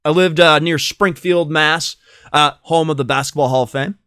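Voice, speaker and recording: A man's voice: a little high, fairly even intonation, normal speed, pushed and bright, clear, resonant tone, dry recording, studio quality. A man from Massachusetts hosting a casual podcast chat, playful and chatty, laughing often and rambling with fillers. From Massachusetts, USA. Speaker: podcast host.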